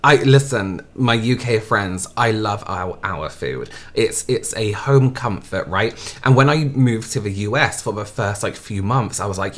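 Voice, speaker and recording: A man's voice: fairly low pitch, unhurried, few pauses, a bit bright. An English man from England hosting a reaction video, chatting casually and swearing freely. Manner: chatty, swears freely, often asks "you know what I mean?".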